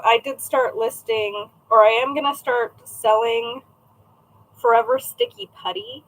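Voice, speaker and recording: A woman's voice: on the high side, fairly bright tone, a little hiss or hum, poor audio. A woman in her thirties chatting casually on a livestream from home, rambling and greeting viewers by name as she works at her desk. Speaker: craft shop owner streaming live. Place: at home, indoors. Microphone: camera set up at a desk.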